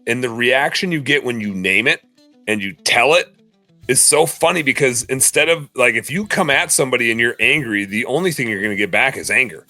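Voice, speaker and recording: A man co-hosting a podcast, talking candidly and at length, often quoting people in lively voices. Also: mid-range voice, a little fast, dry recording, faint music behind. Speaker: podcast co-host. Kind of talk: casual podcast chat.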